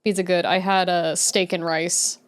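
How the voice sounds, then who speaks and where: A woman's voice: fairly low pitch, flat delivery, moderate pace, clean tone. A young adult woman hosting a casual livestream, chatting with viewers while drawing, laughing often as she answers them. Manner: chatty, giggly, answers chat aloud with frequent laughter. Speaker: livestream host.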